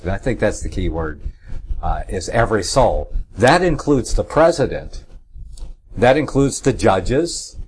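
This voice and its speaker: Low-voiced middle-aged man hosting religious talk radio. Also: a little mellow, breathy edge. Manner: rambling, many filler uhs, stresses key words when reading scripture. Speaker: radio talk show host.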